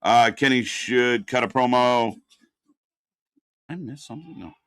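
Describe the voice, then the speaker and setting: A man's voice: medium pitch, a little slow, clear, resonant tone, no echo. A man doing unscripted live watch-party commentary, ranting and swearing in exasperation.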